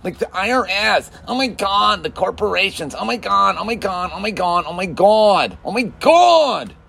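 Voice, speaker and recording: A man putting on a high, panicky voice to mock a whiny person freaking out. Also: lively intonation, normal speed, creaky, bright, forceful tone, full character voice. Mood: panicked. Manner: shrill repeated exclamations.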